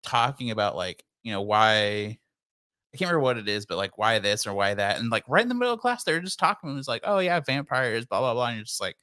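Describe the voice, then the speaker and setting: Bright-voiced young man, laughing chat. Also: fairly low pitch, quick pace. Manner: laughing, animated, acts out quotes. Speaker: podcast co-host. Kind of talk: casual chat.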